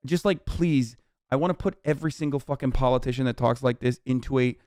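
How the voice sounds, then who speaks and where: A man's voice: mid-range voice, fast talker, a little mellow, dry recording, clean studio sound. A young man streaming, ranting at a news clip with exasperated, profane commentary and lots of filler words. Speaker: streamer reacting to news clips. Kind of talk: live-stream reaction rant.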